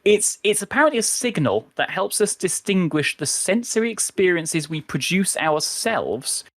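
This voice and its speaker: A man's voice: high-pitched, sing-song, moderate pace, no echo, studio quality. A man hosting a casual podcast chat, explaining ideas at length in a rambling way and laughing often. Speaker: podcast host and editor.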